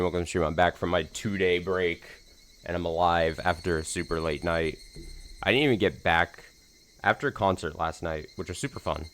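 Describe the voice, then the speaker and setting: A slightly hoarse man hosting a let's play stream, chatting casually before reading a visual novel. He rambles in a self-deprecating way with plenty of fillers. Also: low voice, a bit bright, a little hiss or hum.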